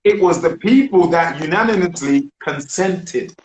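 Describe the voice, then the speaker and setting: A man's voice: high-pitched, animated, a little slow, darkish tone. Emphatic British man, roomy sound. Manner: emphatic, preachy, asks rhetorical questions. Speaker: discussion host. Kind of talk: group discussion. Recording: roomy with faint noise.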